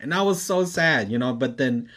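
A man's voice: mid-range voice, lively intonation, moderate pace, fairly bright tone. A man telling a funny story in casual chat, often laughing and quoting his friends. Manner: laughs a lot, quotes friends in a raised voice.

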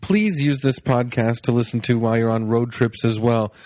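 A man's voice: medium pitch, steady tone, moderate pace, darkish tone, dry recording. A man hosting a podcast from home, rambling casually with a laid-back, sleepy-sounding delivery and plenty of fillers. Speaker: podcast host. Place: home, on his couch.

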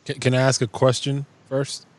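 A man in his thirties on a podcast, joking around in casual chat and speaking deliberately. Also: medium pitch, completely flat delivery. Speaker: podcast co-host, father.

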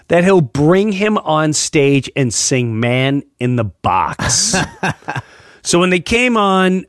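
A man's voice: a little high, dry recording. Laughing male podcast host, dry mic. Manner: animated, laughing, joking. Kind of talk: casual chat and reading a letter aloud.

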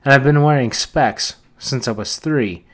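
An anxious chubby schoolboy in spectacles, voiced by a man reading a storybook. He chatters eagerly and keeps asking worried questions, in a voice pitched at a man's middle range. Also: unhurried, lightly acted.

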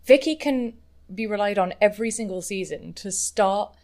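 A woman's voice: mid-range voice, moderate pace, darkish tone. A woman co-hosting a podcast, talking thoughtfully in long winding sentences in casual chat. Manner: thoughtful, talks in long chains of clauses with fillers. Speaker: podcast co-host.

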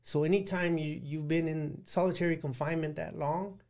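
Middle-aged man, gravelly voice sitting a bit high, plain-spoken interview guest telling his story. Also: steady tone, normal speed, darkish tone. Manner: plain-spoken, rambling, with frequent restarts and "like". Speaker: guest recounting prison life.

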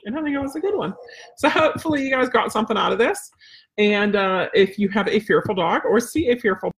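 A woman's voice: medium pitch, quick pace. A woman dog trainer teaching a casual live webinar, chatty and rambling with lots of fillers.

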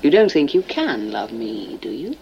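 A woman's voice: very deep voice, big pitch swings, moderate pace, vocal fry, a little hiss or hum, heavily acted. An actress playing a cold, cynical woman taunting her lover in a film scene. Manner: cool, taunting. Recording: dull lo-fi film audio.

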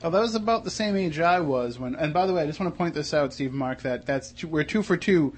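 A man's voice: on the high side, animated, fast talker, a little hiss or hum. A man hosting a casual radio interview, talking in a rambling way with restarts. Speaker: radio show host. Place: radio studio.

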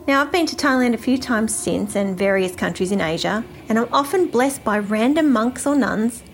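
A woman's voice: on the high side, expressive, moderate pace, a little hiss or hum. A woman in her forties with an Australian accent, telling a strange personal story from her childhood. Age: 40s. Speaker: listener sending in a story.

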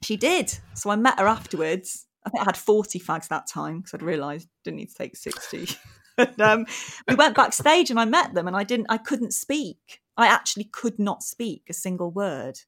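A woman's voice: mid-range voice, expressive, normal speed, fairly bright tone. Chatty English woman telling stories. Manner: chatty storyteller, laughs often. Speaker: comedian guest. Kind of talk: casual chat, anecdote telling.

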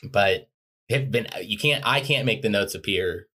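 Rambling low-voiced podcast guy. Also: lively intonation, a little slow, pushed and bright, slightly rough. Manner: rambling, self-correcting, jokey. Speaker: podcast co-host. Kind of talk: casual music chat.

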